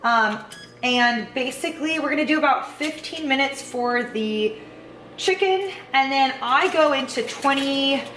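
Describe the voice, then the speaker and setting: In her echoey home kitchen, a young woman vlogs about cooking and food tracking, her high-pitched, fairly bright voice keeping a measured pace. She's chatty and loose with many "um" and "kinda" fillers, and there's a little hiss or hum plus faint ambience.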